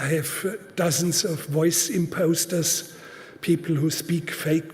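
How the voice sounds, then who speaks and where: A man giving a public lecture at a conference, speaking deliberately and emphatically with many halting pauses. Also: a little high, darkish tone. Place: large conference hall. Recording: reverberant hall.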